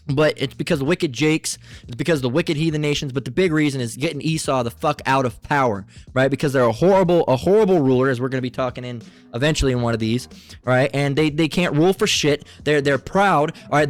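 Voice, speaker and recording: A man giving an agitated, profane Bible lesson, ranting angrily and reading scripture between outbursts. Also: fairly high pitch. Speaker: Bible teacher.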